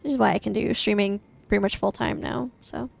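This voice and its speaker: A woman's voice: mid-range voice, fairly even intonation, a little fast, vocal fry. A young woman from the American Midwest, chatting casually and rambling while she streams a game from home, swearing freely and laughing often. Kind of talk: casual live-stream chat while gaming. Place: home, indoors.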